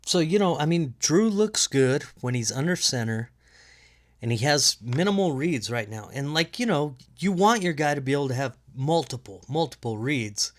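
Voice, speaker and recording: A man with a fairly high, nasal voice hosts a casual solo sports podcast from home, talking at a normal pace with lively intonation. He rambles, swears freely, and laughs at his own jokes.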